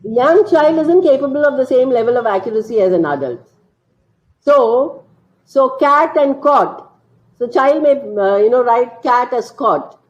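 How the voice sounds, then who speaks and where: A woman with an Indian English accent giving an online teacher training lecture, explaining slowly, stressing key words and quizzing her listeners. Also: sits high, animated. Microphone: computer mic on a video call. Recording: dull lo-fi video call audio.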